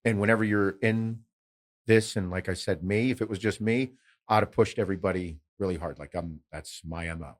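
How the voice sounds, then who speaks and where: A middle-aged man hosting a podcast in casual, animated chat, swearing freely and telling stories. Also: low-pitched, fairly quick. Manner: animated, swearing, storytelling with quoted voices. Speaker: podcast host.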